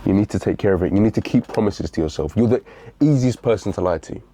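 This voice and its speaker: A man's voice: on the low side, expressive, quick pace, mellow. A young man giving a blunt, repetitive motivational talk, calling the listener bro. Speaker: fitness motivational speaker.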